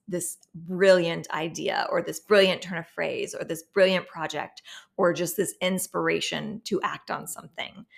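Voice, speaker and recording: This woman hosts a weekly astrology and tarot forecast in a chatty, enthusiastic way that often digresses. Her voice is lowish and creaky with a fairly bright tone, suited to casual forecast talk.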